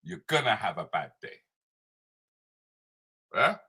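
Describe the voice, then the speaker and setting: This British man, a comedian and social commentator hosting a live online show from home, rants solo, hammering his points repeatedly with constant "yeah?" and "right?" His lowish voice is very animated yet slow, creaky, sharp, and slightly rough.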